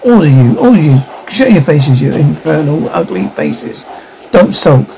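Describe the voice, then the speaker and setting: A man's voice: a little high, sing-song, unhurried, creaky, dark tone, recorded from a distance, a little hiss or hum, full character voice, rough recording. Man reading a nervous, stammering man. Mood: defiant. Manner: anxious, stammering. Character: nervous, frightened man, anxious.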